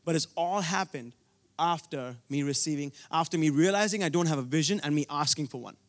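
Young man, from India, sermon, earnest storytelling, somewhat high voice. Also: fairly quick. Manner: earnest, personal storytelling with many restarts. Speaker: preacher.

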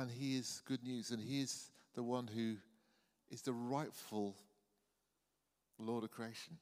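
A man's voice: mid-range voice, a little mellow. A man in his sixties preaching an evening sermon in a church, earnest and often repeating words as he speaks. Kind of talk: evening sermon and closing prayer. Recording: church hall reverb.

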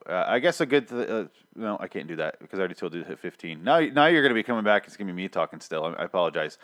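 Rambling, low-voiced podcast host man. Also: sing-song, racing, few pauses, a bit bright. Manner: rambling and self-deprecating, with many restarts. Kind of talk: casual podcast chat.

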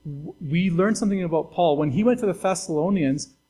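A man's voice: sits high, fairly quick, mellow, poor audio. A man pastor delivering a conversational, earnest sermon to his church, with fillers and restarts.

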